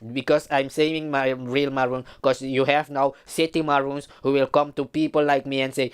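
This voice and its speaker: A man's voice: mid-range voice, flat delivery, moderate pace, few pauses, clean tone. A man from Suriname, giving a heated, emphatic commentary vlog.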